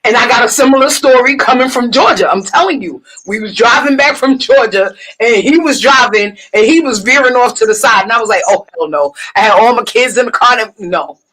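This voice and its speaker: A woman's voice: a little high, fairly quick, hardly any pauses, a bit bright, poor audio. A woman hosting a casual podcast chat, teasing and laughing often. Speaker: podcast host.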